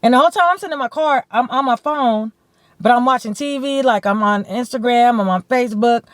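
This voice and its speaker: A woman from California telling a story to her camera in a blunt, animated way, swearing freely and saying "like" often. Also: a little high, fairly quick, dry recording. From San Bernardino, California. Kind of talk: casual storytime. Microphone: camera mic.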